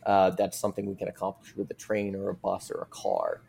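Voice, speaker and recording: A man's voice: low voice, huge pitch swings, a little fast, vocal fry, darkish tone, a little hiss or hum. A man speaking as a podcast guest, making a rambling, earnest case full of fillers. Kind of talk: casual conversational argument.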